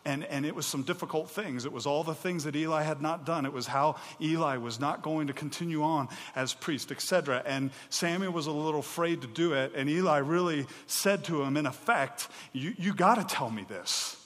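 A man's voice: on the high side, a little fast, few pauses. Man preaching in a reverberant hall. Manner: conversational, emphatic preaching with casual asides. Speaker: pastor. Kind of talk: sermon.

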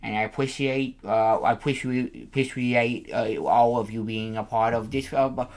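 A man's voice: mid-range voice, steady tone. Rambling man in a put-on British accent. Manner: halting, many fillers and restarts. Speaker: podcast host. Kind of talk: rambling comedic monologue.

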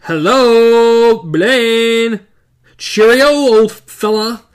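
A man's voice: extremely high pitch, very slow, clear, resonant tone, pitched above the performer's own voice, heavily acted. A man reading aloud, voicing a young man who fakes a plummy British game-show host and bellows his lines. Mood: bellowing. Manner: plummy, bellowing, completely bogus British accent.

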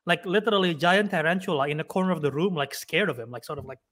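A young man co-hosting a podcast, rambling as he retells scenes and tosses in quick acted-out quotes. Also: fairly high pitch, noisy background. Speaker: podcast co-host. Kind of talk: casual chat.

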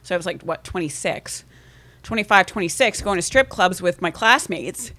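A woman in her thirties co-hosting a casual podcast, chiming in with quick reactions. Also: fairly low pitch, bright, forceful tone, no echo. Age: 30s. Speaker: podcast co-host. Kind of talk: casual group chat.

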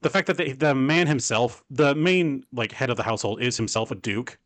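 A man's voice: mid-range voice, a little fast, a bit bright. A man co-hosting a podcast, chatting casually about films in a rambling way, full of "like" and casual swearing. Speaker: podcast co-host. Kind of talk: casual film discussion.

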